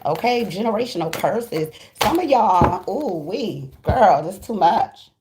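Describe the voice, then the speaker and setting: A woman's voice: mid-range voice, expressive, background noise. A woman giving a casual tarot reading to her viewers, in a blunt, profane and emphatic voice full of slang. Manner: slangy and fast-flowing, acts out quoted voices. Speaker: tarot reader.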